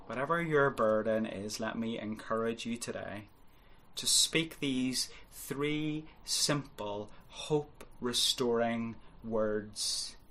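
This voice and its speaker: A man's voice: medium pitch, bright, forceful tone. A man preaching a sermon, earnest and exhorting, pressing his points home with rising and falling emphasis. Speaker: pastor.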